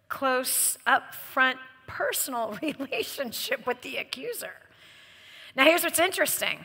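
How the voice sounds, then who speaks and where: Lively high-voiced woman teaching in a hall. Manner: emphatic, playful, often laughing between points. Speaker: host and speaker leading a live audience. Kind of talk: animated spiritual teaching to a live audience. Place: large event hall with a live audience. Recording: reverberant hall sound.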